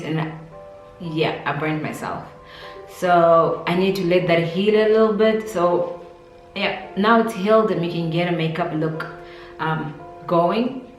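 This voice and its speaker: A woman from Namibia hosting a casual makeup review vlog, chatty and rambling with many fillers. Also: mid-range voice. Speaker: beauty vlogger. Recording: roomy echo, distant mic, faint music.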